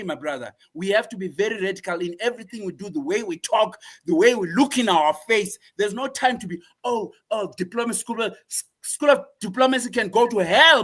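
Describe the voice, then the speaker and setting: Fiery high-voiced man preaching. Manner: fiery, preaching, repeats phrases. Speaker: guest. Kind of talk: impassioned political commentary.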